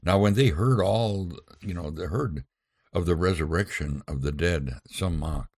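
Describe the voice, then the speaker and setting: Male podcast Bible teacher, very deep and husky, folksy and halting delivery. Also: darkish tone, dry recording. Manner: folksy, halting, with many pauses. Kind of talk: informal Bible lesson.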